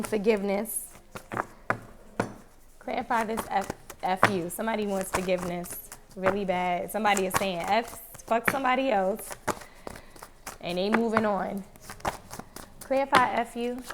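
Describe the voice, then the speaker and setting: A woman's voice: mid-range voice, unhurried, pauses often, very noisy. A woman giving a casual, chatty tarot reading, repeating herself and now and then exclaiming or swearing. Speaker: tarot card reader.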